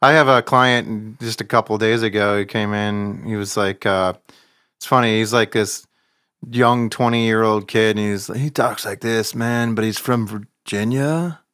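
A man's voice: on the low side, a little slow, no room sound, studio quality. A man co-hosting a casual podcast, telling a joking, profane anecdote. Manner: joking, profane, animated storyteller.

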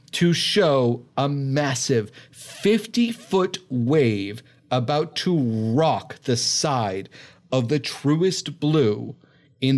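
A man runs a tabletop game, painting each scene in vivid, drawn-out detail. He speaks slowly and unhurriedly. His pitch sits right in the middle for a man. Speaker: game master.

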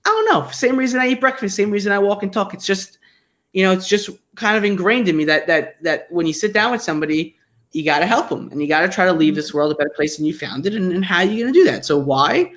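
A man in his twenties with a New York accent, a guest in an interview, talking excitedly and rambling with many restarts. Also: high-pitched, fast, dull audio. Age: 20s. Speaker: guest, digital agency founder. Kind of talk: casual interview chat.

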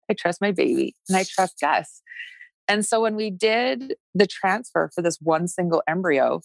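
Woman, 40s, low gravelly voice, earnest storyteller who acts out her own inner voice. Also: no echo. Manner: animated, acts out her own past thoughts. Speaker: guest sharing her fertility story. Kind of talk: emotional personal storytelling.

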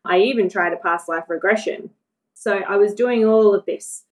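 A woman's voice: mid-range voice, normal speed, poor audio. A woman, chatting as a guest and telling her story casually, laughing often and acting out what people said. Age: 40s. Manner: chatty, laughs often, acts out quoted voices.

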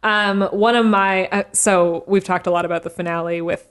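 A woman's voice: medium pitch, fairly even intonation, moderate pace, smooth. A woman guest on a podcast, chatting casually and enthusiastically with many fillers. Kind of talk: casual chat.

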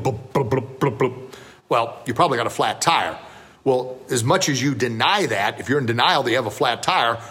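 A man's voice: medium pitch, a bit bright. A man in his fifties hosting a podcast as a martial arts instructor, telling stories in a joking, self-deprecating, folksy way. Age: 50s. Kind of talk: casual storytelling podcast.

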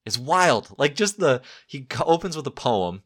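A man's voice: medium pitch, very animated, normal speed, a bit bright. A man co-hosting a casual podcast, talking with enthusiasm and laughing often. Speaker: podcast co-host discussing comics. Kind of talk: casual chat.

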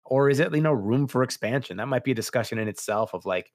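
A man's voice: mid-range voice, expressive, fast talker, dry recording, clean studio sound. A man hosting a podcast, chatting casually and loosely about tabletop games, with many fillers. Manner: rambling, loose, full of fillers. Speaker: podcast host.

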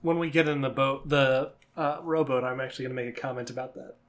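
A man's voice: mid-range voice, fairly even intonation, fast talker. A man playing a tabletop game, chatting casually with easygoing asides. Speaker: player.

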